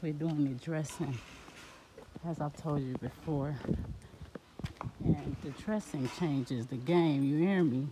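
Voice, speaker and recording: A woman's voice: low-pitched, slow, long pauses. A woman chatting casually to her viewers as she walks through her house construction site, filming on a phone. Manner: chatty, addresses viewers as y'all. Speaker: vlogger touring her house build. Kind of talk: casual walk-through vlog. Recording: phone video with loud background noise.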